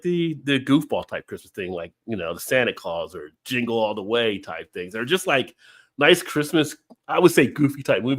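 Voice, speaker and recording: A man hosting a live stream, chatting casually over drinks, rambling and laughing as he tells stories. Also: medium pitch. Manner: rambling, laughs often, animated storytelling.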